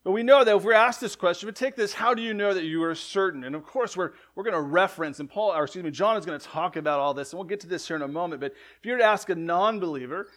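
A man preaching a sermon in a conversational way, often asking "right?", correcting himself, and swinging between loud emphatic lines and quiet ones. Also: high voice, fast, few pauses. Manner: conversational, frequent "right?" asides and self-corrections. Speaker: pastor.

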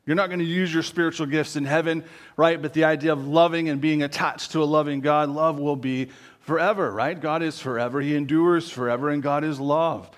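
A man preaching a sermon in a conversational way, often adding tag questions and dropping low and quiet on key words. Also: fairly even intonation, a little fast. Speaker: pastor.

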